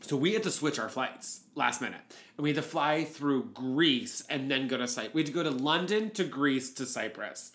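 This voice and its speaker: A man's voice: mid-range voice, moderate pace, fairly bright tone. Podcast co-host, male, casual storyteller, profane and self-deprecating, mid-range voice.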